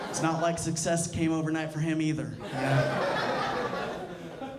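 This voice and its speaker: A man's voice: high-pitched, unhurried, noisy background. A man in his thirties doing a casual, profane stand-up set on a club stage, tagging lines with "you know". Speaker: stand-up comedian. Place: comedy club stage before a live audience. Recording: live club recording with crowd laughter.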